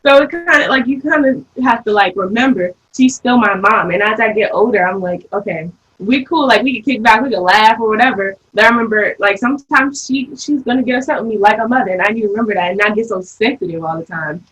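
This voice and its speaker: A woman in her early twenties, a daughter, telling stories in a casual panel chat with an animated, laughing manner. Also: medium pitch, fast talker, hardly any pauses, slightly rough, rough recording. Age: early 20s. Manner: animated storytelling, laughs often.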